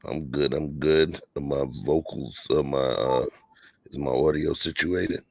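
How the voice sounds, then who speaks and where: A man's voice: rumbling low, fairly even intonation, unhurried, vocal fry, a little mellow, no room sound. A man hosting a casual late-night podcast, laid-back and slangy, talking from home. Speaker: podcast host. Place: home, near a patio door.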